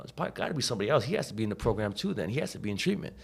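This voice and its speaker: A man's voice: mid-range voice, sing-song, very fast, vocal fry, hardly any pauses, husky. A man, a podcast guest, telling his story in a casual, profane, slangy way, full of "like" and "you know," acting out the people he quotes.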